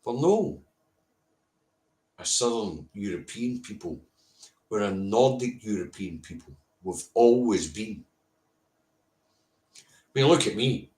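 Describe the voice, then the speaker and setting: A man's voice: on the low side, lively intonation, takes it slowly, pauses often, a little mellow. A man with a Scottish accent hosting a casual live stream, blunt and sweary, answering viewers' comments by name. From Scotland. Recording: roomy echo.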